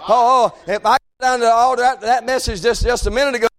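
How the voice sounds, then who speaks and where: A male preacher giving a fervent sermon, breaking into shouts and dropping to hushed tones. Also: very high-pitched, fairly even intonation, rapid-fire. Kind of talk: revival sermon.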